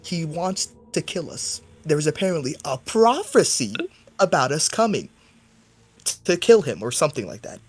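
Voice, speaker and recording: A man playing a tabletop game, talking quickly and animatedly with lots of "like". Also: a little high. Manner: quick, animated, says "like" a lot. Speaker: player. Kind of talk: casual tabletop play.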